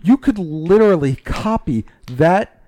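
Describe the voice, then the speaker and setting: A man in casual chat, animated and swearing as he retells quotes. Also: high-pitched, a little slow, dry recording, studio quality. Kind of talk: casual chat about pro wrestling.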